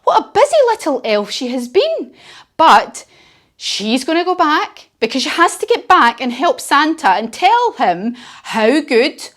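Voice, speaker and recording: A woman guides children through yoga poses in a high, lively voice. She spins a playful story and praises the little ones warmly as they go. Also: measured pace. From United Kingdom. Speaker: kids yoga instructor. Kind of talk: children's yoga class instruction.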